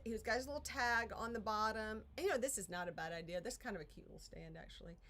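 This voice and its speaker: Bright-voiced chatty woman. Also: on the high side. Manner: chatty, rambling, self-interrupting, sighs at her troubles. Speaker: craft channel host. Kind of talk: casual live-stream chat while crafting. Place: her home art studio, door open.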